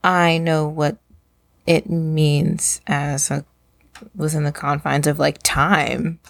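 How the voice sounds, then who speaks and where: A woman with a low, gravelly voice, recorded dry and close, chats casually on a podcast. Her remarks come out flat and dry. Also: takes it slowly, no room sound. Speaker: podcast co-host. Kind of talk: casual chat.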